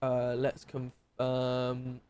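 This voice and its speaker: A man's voice: mid-range voice, monotone, drawn-out words, darkish tone. A man with a British accent casually commenting on game footage for his stream chat, thinking aloud with plenty of ums and restarts.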